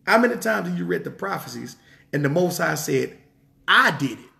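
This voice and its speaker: Male preacher, emphatic, repetitive, gravelly, lively pitch. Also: a little fast. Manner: emphatic, repetitive, rhetorical questions. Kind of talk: sermon. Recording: roomy echo.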